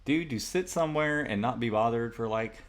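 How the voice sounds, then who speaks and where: A man's voice: mid-range voice, a little fast. A man co-hosting a casual podcast chat, rambling and laughing as he reads a legend aloud. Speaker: podcast co-host.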